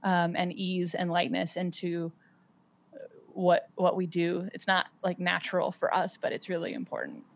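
Gravelly and lowish, her voice moves at a moderate pace. A podcast guest with children, she reflects conversationally, often restarting and using "um" and "like" a lot.

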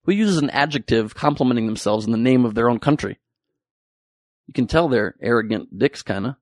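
A man's voice: mid-range voice, lively intonation, fairly quick, no echo, clean studio sound. A man delivering a sarcastic, profane topical comedy monologue with rambling asides.

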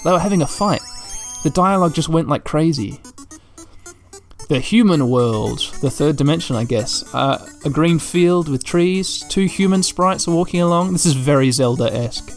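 A man narrating a video game as he plays, describing what is on the screen and thinking out loud. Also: a little high, normal speed. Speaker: gameplay commentator. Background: faint game music.

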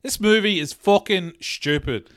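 A man co-hosting a podcast in casual chat, blunt and opinionated, with high animated bursts and low mutters. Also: unhurried, no echo, studio quality. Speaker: podcast co-host.

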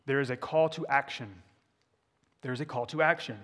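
A man's voice: mid-range voice, moderate pace, a bit bright. A man preaching a candid sermon as a pastor, putting questions to the congregation. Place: church sanctuary. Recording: echoey church hall.

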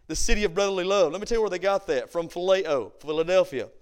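Pastor guy preaching in church, pretty high voice, goes quiet then gets loud. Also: lively intonation, fast talker, clean tone. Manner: preaching with sudden swings from hushed to loud; reads King James scripture aloud. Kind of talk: sermon. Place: church sanctuary.

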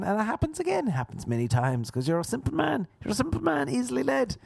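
Gravelly Irish comedian rambling. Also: male voice, very high-pitched, fast, few pauses, dry recording, studio quality. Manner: playful, deadpan absurd storytelling. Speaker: comedian podcast host. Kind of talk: rambling comic monologue.

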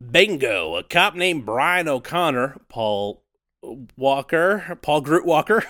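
A man chats casually as a podcast co-host, laughing easily between lines. His pitch moves a lot as he jokes around. The sound is dry and close-miked. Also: sing-song, slow pace, pushed and bright, no echo. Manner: laughing, easygoing banter. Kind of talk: casual comedy chat.

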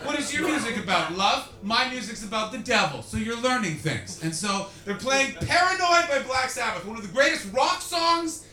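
A man doing stand-up comedy, loudly and profanely teasing audience members. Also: extremely high pitch, very animated, normal speed, few pauses. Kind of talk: stand-up crowd work. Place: comedy club before a live audience. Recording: echoey club with loud crowd.

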